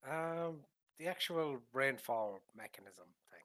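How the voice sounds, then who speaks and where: Bright-toned man player. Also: medium pitch, lively intonation, unhurried. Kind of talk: casual tabletop role-play.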